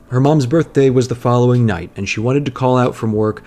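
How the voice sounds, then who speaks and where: A man's voice: mid-range voice, quick pace, hardly any pauses, a little mellow. Earnest man reading a personal essay. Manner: reflective, earnest, with small restarts. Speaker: essayist reading his own piece.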